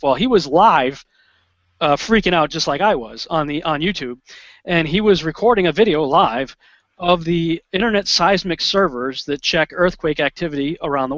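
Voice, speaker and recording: A man guest in an interview, telling a story in an animated, excitable way, often restarting and acting out what he said in the moment. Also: on the high side, moderate pace, no echo. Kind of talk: conversational storytelling. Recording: dull lo-fi sound.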